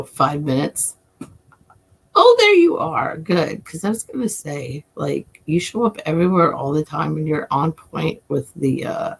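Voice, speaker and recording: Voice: medium pitch, gravelly, breathy edge. An adult livestream host and self-described coin nerd, chatting casually with viewers in a rambling way, swearing often and chuckling.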